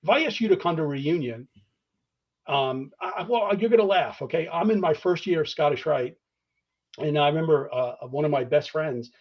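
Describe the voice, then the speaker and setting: A man's voice: on the high side, lively intonation, moderate pace, muffled recording. Earnest man with many restarts. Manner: many restarts, tags points with "all right?"; earnest, acts out phone calls in quotes. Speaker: guest discussing fraternity membership. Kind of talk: conversational interview answers.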